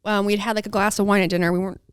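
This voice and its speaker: A woman co-hosting a podcast tells a funny story in a casual chat. Her voice is smooth and clear, recorded close and dry. She acts out the quotes as she goes. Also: medium pitch, flat delivery, very fast, no room sound. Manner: says "dude" and "like" a lot. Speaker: podcast co-host.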